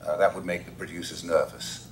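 A man's voice: sits low, steady tone, fairly quick, gravelly, a little hiss or hum. An English man on a convention panel, telling anecdotes in a reflective, wry, self-deprecating way.

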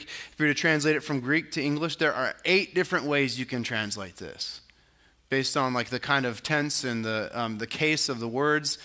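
A man pastor giving a conversational sermon, acting out quotes and asking his listeners tag questions. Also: pushed and bright. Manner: conversational preaching, acts out quotes with rising pitch; frequent tag questions, casual filler words.

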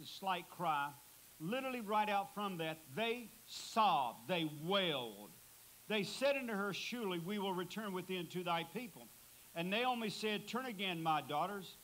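A high-pitched man preaching a sermon in a church, pressing hard on key words and lifting his voice to drive them home. His voice sits well above the usual male range. A faint hiss runs under the recording. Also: fairly bright tone, poor audio. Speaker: guest preacher.

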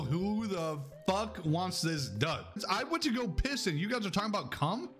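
A young man streaming a game live, joking loudly with chat and swearing a lot. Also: sits high.

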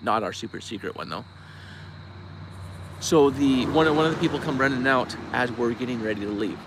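A search-and-recovery diver from Bend, Oregon, speaks at a medium pitch and moderate pace over a noisy background. He's hosting a casual outdoor live-stream at night, rambling, restarting his sentences, and thanking donors by name.

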